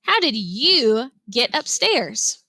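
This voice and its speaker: A small, gentle toy teddy bear with a longing to belong, as a woman reading a picture book puts him on. He speaks slowly and wonderingly in a bright, clear voice, recorded close and dry with no room sound. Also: fairly high pitch, sing-song, dry recording, full character voice. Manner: slow, wondering delivery.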